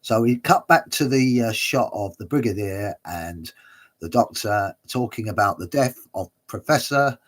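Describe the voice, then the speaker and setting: Low, husky man rambling with many uhs. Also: animated, a little slow. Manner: hesitant, full of uhs and chuckles. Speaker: watch-along livestream host. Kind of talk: casual commentary.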